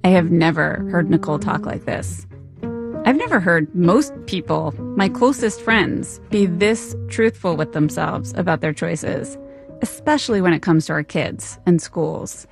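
A woman with a fairly low voice narrates a podcast in a measured, reflective way and poses rhetorical questions. Plucked guitar music plays clearly behind her. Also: expressive. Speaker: podcast host. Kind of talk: scripted narration and interview questions.

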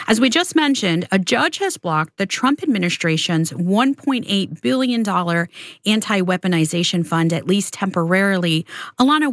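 A woman hosting a radio political news roundtable, introducing guests and asking questions clearly. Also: fairly low pitch, dry recording, clean studio sound.

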